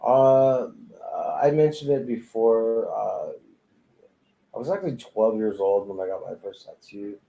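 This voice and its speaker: A man's voice: fairly low pitch, unhurried, vocal fry, dark tone, poor audio. Profane, laid-back man telling tattoo stories. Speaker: tattoo artist guest. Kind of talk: casual storytelling chat. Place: tattoo studio.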